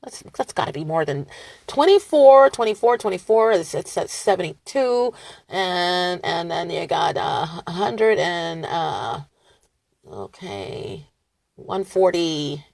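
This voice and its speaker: Animated, defiant woman vlogger. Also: lowish voice, slow pace, gravelly, no echo. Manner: animated, defiant, laughing, swings loud and soft. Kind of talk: rambling talk to camera.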